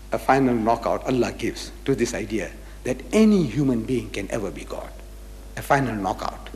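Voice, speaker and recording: A man from Africa, giving a religious public lecture in an emphatic, rhetorical way that drives each point home with repeated questions. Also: medium pitch. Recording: reverberant lecture hall recording.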